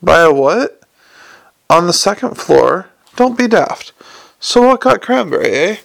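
A man voicing a blunt watch commander who gets loud when angry. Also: high-pitched, expressive, normal speed, gravelly, smooth, exaggerated voice.

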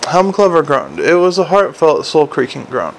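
A man narrating an audiobook in a steady, understated way. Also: fairly high pitch, moderate pace, vocal fry, slight background noise, poor audio.

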